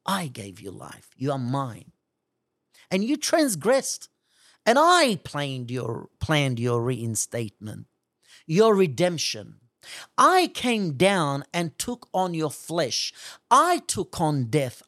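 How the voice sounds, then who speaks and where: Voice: mid-range voice, very animated, slow pace, fairly bright tone, dry recording, clean studio sound. A preacher giving a fervent sermon, often speaking in the first person as God and pressing pointed questions. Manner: fervent, speaks at length in God's voice.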